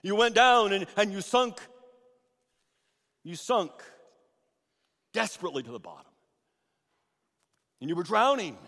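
A man preaching a sermon as pastor, swinging between loud emphatic bursts and hushed asides. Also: high-pitched, big pitch swings, a little slow, pauses often. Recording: long reverb of a large hall.

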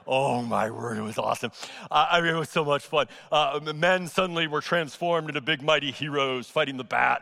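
A middle-aged male pastor preaching in a large church, his voice high and ringing. He moves between loud, stressed peaks and quiet, low asides. The sound carries a long reverb from the hall. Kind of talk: sermon. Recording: echoey sanctuary with long reverb.

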